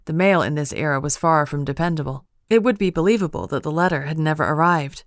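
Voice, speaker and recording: Low-voiced woman narrating a cozy mystery. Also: quick pace, no room sound, clean studio sound. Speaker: audiobook narrator. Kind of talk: scripted narration.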